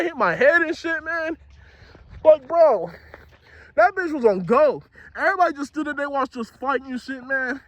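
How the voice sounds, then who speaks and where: A man's voice: extremely high pitch, lively intonation, normal speed, fairly bright tone, slight background noise. A young man telling a story from his school days in a casual, slangy, profane way, speaking outdoors.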